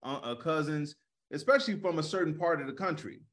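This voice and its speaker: A man in casual comedic podcast chat with a somewhat high voice. He talks animatedly and stacks restarts, "I, I" and "you, you", before landing his point. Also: fairly quick. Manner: animated, repeats words when starting a thought.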